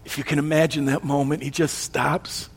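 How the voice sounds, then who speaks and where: Husky male preacher in a reverberant hall. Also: a little high, little pitch movement, moderate pace. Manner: dramatic, swings between soft and loud. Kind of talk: sermon retelling a story. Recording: long reverb of a large hall.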